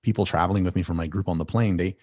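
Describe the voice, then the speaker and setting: A man guest on a podcast, telling a long story in a rambling, animated way with many restarts. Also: sits low, very fast, no room sound. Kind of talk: casual storytelling.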